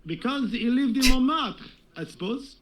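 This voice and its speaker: A deadpan police sergeant in a video game, his voice pitched high for a man. He answers flatly and briefly. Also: moderate pace, noisy background.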